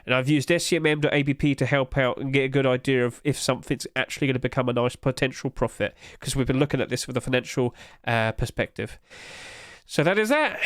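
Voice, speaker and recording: A young man, streaming and chatting casually and rambling with animated energy. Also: mid-range voice, no echo, studio quality. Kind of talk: casual live-stream chat.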